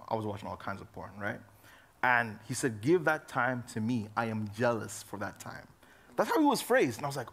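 A young man preaching to a youth group in an easygoing, chatty way, leaning on fillers as he talks. His voice sits a little high for a man, and he goes from loud, emphatic lines to soft, low asides. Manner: casual, conversational preaching with frequent fillers. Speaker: youth pastor. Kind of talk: sermon.

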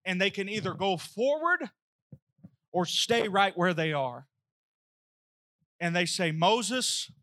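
Male preacher, high bright voice, lively storytelling sermon. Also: slow, pauses often. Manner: animated storytelling, acting out dialogue.

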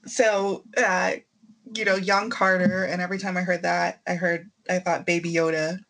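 Woman, casual book chat, lowish voice, gravelly fry, relaxed, chatty, laughs often. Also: normal speed. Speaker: podcast co-host.

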